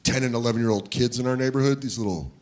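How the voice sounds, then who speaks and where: A middle-aged man doing a stand-up comedy routine, loud and animated, breaking into shouted put-on voices. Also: mid-range voice, rapid-fire. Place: comedy club stage before a laughing audience. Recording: live club recording with crowd noise.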